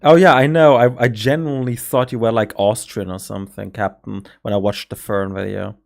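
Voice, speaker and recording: A man's voice: fairly low pitch, fairly even intonation, brisk, creaky. German man hosting a rambling stream. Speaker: game master and stream host. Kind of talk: casual stream chat, planning a campaign.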